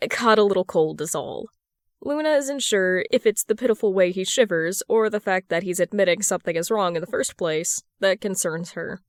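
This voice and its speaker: A woman reading a fan fiction story aloud as a podfic narrator, in a steady storytelling manner. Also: medium pitch, moderate pace, few pauses, no echo, clean studio sound. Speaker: podfic reader.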